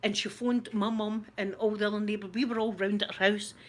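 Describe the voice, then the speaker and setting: A middle-aged Scottish woman who hosts her own channel tells a story in casual conversation. Her voice is medium in pitch and fairly quick, and she's animated, laughing often.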